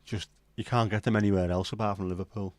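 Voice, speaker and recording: Middle-aged guy on a late night stream, swears a lot, low voice, dry close sound. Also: steady tone, fast, dry recording. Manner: swearing, rambling banter with chat. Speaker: livestream host. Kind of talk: casual late-night livestream chat.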